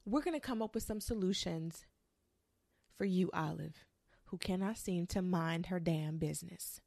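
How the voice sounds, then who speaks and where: A woman's voice: fairly low pitch, moderate pace, gravelly, dry recording. Young woman ranting, sassy and cussing, dry close mic sound. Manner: sassy, profane, animated storytelling with mocking quoted voices. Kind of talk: ranting commentary monologue.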